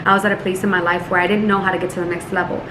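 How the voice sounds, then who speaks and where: A woman's voice: fairly low pitch, flat delivery, rapid-fire, noisy background. A woman coaching her team in a casual vlog, upbeat, chatty and playful. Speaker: network marketing team leader. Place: Miami. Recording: roomy echo.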